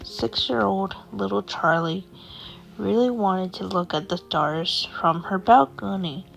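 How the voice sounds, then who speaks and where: A woman narrating a story in an unhurried, plain storytelling way. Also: medium pitch, gravelly, faint music behind.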